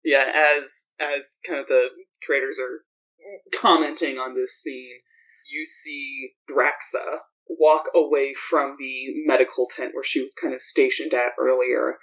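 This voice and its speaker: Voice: mid-range voice, flat delivery, unhurried, fairly bright tone, low-quality recording. A game master narrating a tabletop game in a loose, rambling way full of fillers.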